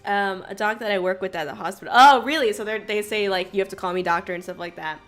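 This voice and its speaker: A young woman hosting a casual livestream, bubbly and chaotic, greeting her chat loudly and laughing often. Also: mid-range voice, quick pace, faint music behind. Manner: frequent laughter. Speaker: streamer host.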